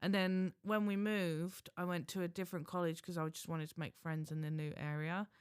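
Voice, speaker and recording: A man's voice: high-pitched, little pitch movement, moderate pace, clean tone, no room sound, clean studio sound. A man co-hosting a podcast, chatting casually in a rambling, self-mocking way with restarts. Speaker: podcast co-host. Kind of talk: casual chat.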